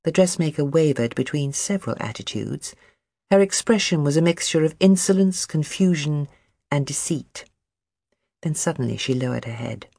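An audiobook narrator reading a novel chapter in an expressive, varied manner. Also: medium pitch, moderate pace, creaky, dry recording, clean studio sound.

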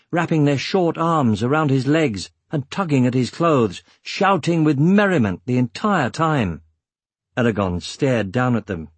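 Husky guy reading a story aloud, steady pace, dry close sound. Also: mid-range voice, no room sound. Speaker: audiobook narrator. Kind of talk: scripted narration.

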